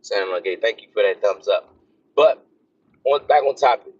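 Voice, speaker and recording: Husky low-voiced man rambling casually. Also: moderate pace. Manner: rambling, conversational, many fillers. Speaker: vlogger, military officer. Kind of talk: casual talking-head vlog. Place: driving onto a military base. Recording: dull lo-fi sound.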